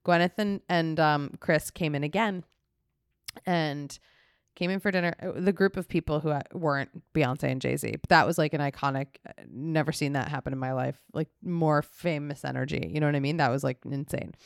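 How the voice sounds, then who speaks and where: A woman's voice: sits low, moderate pace, creaky, clean tone, no echo, studio quality. A young adult woman co-hosting a podcast, casually telling a story and acting out the quotes. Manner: animated anecdote teller, acts out quotes. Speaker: podcast co-host.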